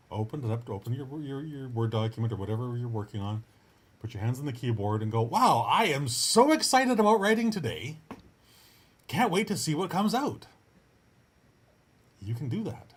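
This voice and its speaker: A man's voice: mid-range voice, dark tone, slightly rough. Earnest, encouraging male writing coach. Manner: earnest and encouraging, with frequent restarts and upbeat asides. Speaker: writing coach and podcast host. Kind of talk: casual motivational coaching monologue.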